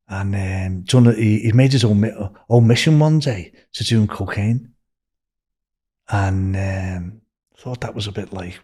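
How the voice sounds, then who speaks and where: A man's voice: lowish voice, darkish tone, slightly rough. Older Liverpool man telling rambling stories. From England. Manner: rambling anecdotes with restarts and swearing. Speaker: guest. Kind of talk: storytelling in a podcast interview.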